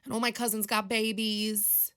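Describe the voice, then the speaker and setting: A woman's voice: medium pitch, level tone, moderate pace, a bit bright, clear, resonant tone. A young woman, chatting on her own podcast in a rambling, confessional, emotional way. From Long Island, New York. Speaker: podcast host. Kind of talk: casual solo podcast chat.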